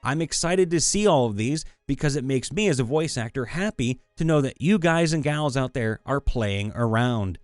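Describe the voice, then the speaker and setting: A man's voice: medium pitch, animated, moderate pace, few pauses, clean tone, dry recording, soft background music. A man, a voice actor, reading fan stories in a playful, upbeat, goofy way. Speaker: voice actor and story narrator.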